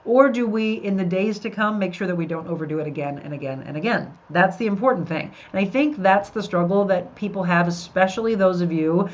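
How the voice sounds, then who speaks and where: Heard on a dull, lo-fi recording, a middle-aged podcast host chats cheerfully and directly with her live viewers. She has a mid-range voice and talks briskly, with few pauses.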